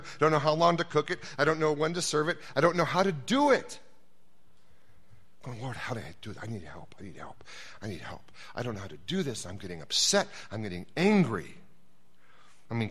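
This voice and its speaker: A man's voice: mid-range voice, a bit bright. A male pastor preaching a sermon, telling candid, self-deprecating stories.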